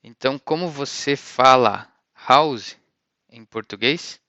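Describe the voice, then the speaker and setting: A man's voice: medium pitch, unhurried, sharp tone, no room sound, highs cut off. A man teaching a vocabulary lesson, saying each word and repeating it with careful pronunciation. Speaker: language teacher.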